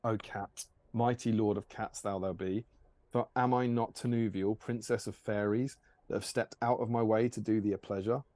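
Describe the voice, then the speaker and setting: A man's voice: fairly low pitch, steady tone, normal speed, no room sound, close to an everyday voice. A man reading as a haughty elf princess. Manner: loud and haughty. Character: proud young elf princess. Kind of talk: storybook reading.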